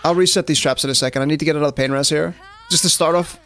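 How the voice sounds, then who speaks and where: Gravelly gamer, chatty. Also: male voice, on the high side, fairly even intonation, very fast, a bit bright. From South Africa. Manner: casual, chatty, lots of "like" fillers, addresses chat. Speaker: streamer. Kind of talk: live gameplay commentary.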